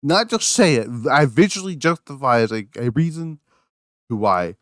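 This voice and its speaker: A man's voice: mid-range voice, very animated, moderate pace, a bit bright, no room sound, clean studio sound. An angry man, hosting a podcast alone and ranting with constant swearing and restarts. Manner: angry, profane, repeats words and restarts. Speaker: podcast host. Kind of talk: solo rant review.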